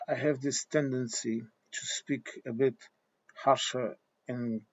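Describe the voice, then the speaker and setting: Slow-talking man. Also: mid-range voice, steady tone, husky, no room sound. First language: Portuguese. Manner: thoughtful, unhurried, pauses to find words. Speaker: vlogger. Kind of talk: opinion monologue. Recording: dull lo-fi recording.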